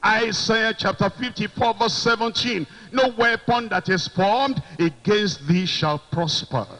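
A man preaching a sermon, slow and emphatic, repeating phrases and shouting out quoted lines. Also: high voice, rough recording.

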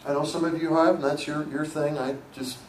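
Middle-aged American male pastor, emphatic sermon delivery with hushed asides, distant mic in an echoey hall with faint ambience. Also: on the high side, little pitch movement, fairly quick, a little hiss or hum. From United States. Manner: emphatic, repeating phrases, swings between loud and hushed.

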